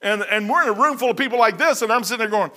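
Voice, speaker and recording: A man preaching a sermon from the pulpit, telling stories in a folksy way, often saying "man", and swinging from loud outbursts to hushed asides. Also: high-pitched, very fast. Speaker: pastor. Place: church.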